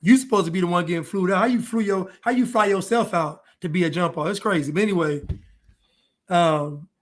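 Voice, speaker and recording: Guy with a high-ish voice doing preachy reaction commentary. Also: brisk. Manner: preachy, lecturing.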